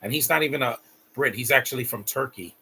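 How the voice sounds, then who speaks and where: Bright-voiced man chatting through a movie stream. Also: mid-range voice, fast, creaky, a little hiss or hum. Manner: chatty, rambling, frequent restarts. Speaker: live stream host. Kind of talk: casual watch-along commentary.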